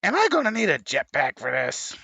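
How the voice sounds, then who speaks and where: A man chatting casually as he plays a game, rambling with sudden high excited whoops. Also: fairly quick, creaky, slightly rough, no echo. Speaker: gaming streamer. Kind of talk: casual chat while playing.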